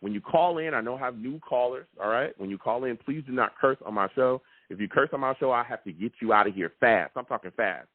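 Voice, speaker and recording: A man hosting a live call-in sports podcast, talking emphatically and repeating himself with excitement. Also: medium pitch, fast, few pauses, no echo. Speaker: sports talk show host. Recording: tinny phone-like, dry sound.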